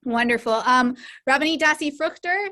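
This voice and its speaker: High-voiced woman hosting an online class. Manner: warm welcoming introductions, then measured reflective explanation. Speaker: host and editor. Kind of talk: hosting an online study celebration. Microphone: video call.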